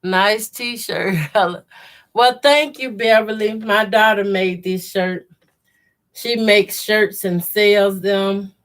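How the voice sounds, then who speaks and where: A woman's voice: mid-range voice, level tone, very slow, a bit bright. A middle-aged woman hosting a sewing livestream, chatting casually and laughing often, her voice congested from her sinuses. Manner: chatty, laughs often, reads viewer comments aloud. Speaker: quilting sew-along host. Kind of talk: casual chat while sewing.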